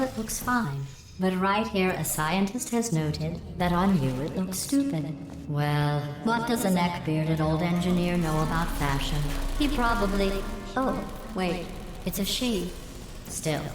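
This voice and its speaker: An actress voicing a sarcastic, cruel female AI computer in a video game, speaking in a deadpan, mocking, coldly polite way through a synthetic robotic filter. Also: fairly low pitch. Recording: echoey game audio with ambient hum.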